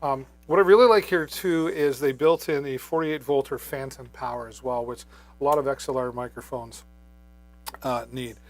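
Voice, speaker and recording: A man's voice: medium pitch, fairly even intonation, moderate pace, no room sound. A man hosting a live shopping stream on a wireless microphone, talking casually with many fillers. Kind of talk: live product demo.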